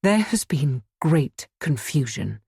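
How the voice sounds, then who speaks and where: A woman voicing a frightened, indignant older woman who pleads urgently in low whispers and sudden cries. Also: big pitch swings, takes it slowly, gravelly, warm tone, breathy edge, no room sound, clean studio sound, full character voice.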